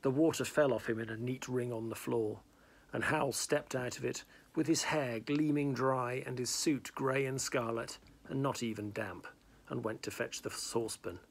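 A man's voice: medium pitch, steady tone, moderate pace, gravelly, slightly rough. A man reading a novel aloud in plain narration, with small slips and restarts. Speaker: reader.

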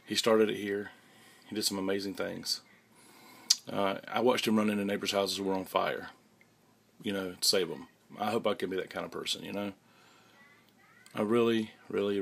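A young man talking haltingly to his camera in a casual vlog, with many restarts and fillers. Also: low voice, fairly even intonation, vocal fry, a bit bright, breathy edge. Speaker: vlogger. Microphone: handheld camera mic.

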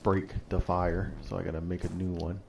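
A man's voice: sits low, level tone, moderate pace, vocal fry. A man hosting his own gaming channel, giving casual commentary on a survival game with dry, wry asides. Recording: noisy home recording.

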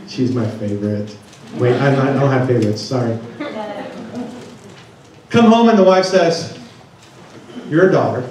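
A man's voice: mid-range voice, animated, measured pace, pauses often, a little mellow, a little hiss or hum. Man speaking in an echoey hall. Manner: asks the audience many questions. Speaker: conference speaker. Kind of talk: seminar talk to an audience. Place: large conference room. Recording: echoey room, distant mic.

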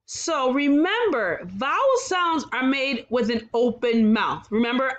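A woman teaching a kindergarten phonics lesson, slowly sounding out words and praising the children with exaggerated, sing-song encouragement. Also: high voice, expressive, muffled recording. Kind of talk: slow, clearly enunciated phonics lesson for young children.

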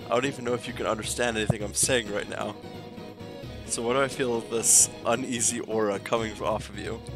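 A man's voice: medium pitch, natural voice, rough recording. A man reading the lines of a fierce, brash warrior fish-woman in a mock-stern tone over game music.

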